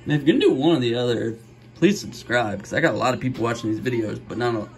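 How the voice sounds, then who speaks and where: A middle-aged man hosting a card-opening video, chatting casually and joking, with sudden gasps and bursts of excitement. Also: mid-range voice, quick pace, rough recording. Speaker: card-opening channel host. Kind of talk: casual pack-opening commentary.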